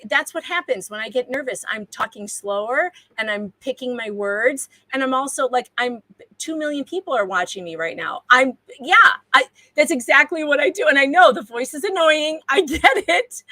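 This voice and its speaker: High-voiced self-deprecating woman. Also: pushed and bright, no echo, poor audio. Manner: self-deprecating, laughs often. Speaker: guest. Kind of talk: casual livestream chat.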